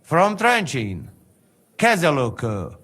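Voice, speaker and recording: A man's voice: on the high side, wildly swooping pitch, very slow, a bit bright, full character voice. An actor playing a blunt male mercenary with a Slovak accent, speaking broken English in a game cutscene.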